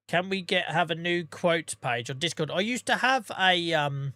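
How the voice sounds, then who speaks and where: A man's voice: a little high, animated, moderate pace, hardly any pauses, bright, forceful tone, no echo. A man streaming a game, chatting casually with his viewers by name and humming to himself between remarks. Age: adult with a day job. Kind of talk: casual livestream chat while gaming.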